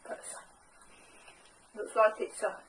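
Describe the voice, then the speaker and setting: A woman's voice: takes it slowly, a little hiss or hum, low-quality recording. A woman presenting a casual step-by-step craft tutorial, chatty and homely with a self-deprecating touch.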